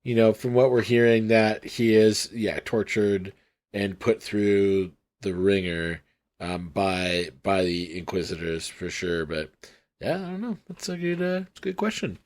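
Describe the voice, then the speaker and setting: Low-voiced, easygoing podcast co-host guy. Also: unhurried. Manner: relaxed, agreeable, trailing off with hedging fillers. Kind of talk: casual book-recap chat.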